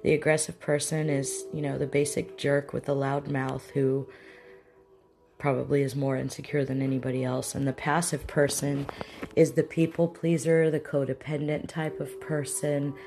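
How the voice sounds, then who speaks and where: Casual instructor voice, conversational, mid-pitched, light background music. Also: level tone, moderate pace, darkish tone. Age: adult with children. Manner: conversational, acts out example dialogues. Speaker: mindfulness teacher. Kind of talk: casual spoken lesson.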